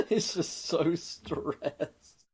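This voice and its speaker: A man's voice: on the high side, sing-song, extremely slow, darkish tone, husky. A man chatting as a player at a tabletop game, laughing and rambling with many fillers. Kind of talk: casual chat at a game table.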